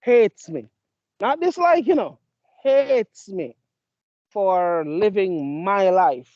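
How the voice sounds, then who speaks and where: Male co-host, 30s, laid-back storyteller, animated pitch, dry dull mic. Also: takes it slowly, no echo. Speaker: podcast co-host. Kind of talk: casual chat.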